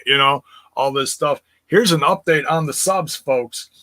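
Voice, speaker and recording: A man co-hosting a casual wrestling podcast, easygoing and self-deprecating, sometimes halting as he talks. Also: on the high side, bright, forceful tone, no echo. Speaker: podcast co-host. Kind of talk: casual wrestling review chat.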